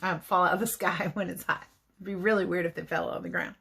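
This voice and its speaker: A woman's voice: on the low side, steady tone, fast, gravelly, sharp tone, breathy edge. A woman teacher reading a nonfiction picture book aloud to children in a friendly manner, explaining words and adding asides.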